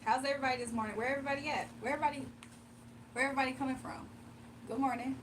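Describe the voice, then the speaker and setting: Chatty high-voiced woman on a live stream. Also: steady tone, very fast, recorded from a distance, a little hiss or hum. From US East Coast. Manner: chatty, laughs often, reads viewer comments aloud. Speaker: live-stream tarot reader. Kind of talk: casual live-stream chat. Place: home, early morning.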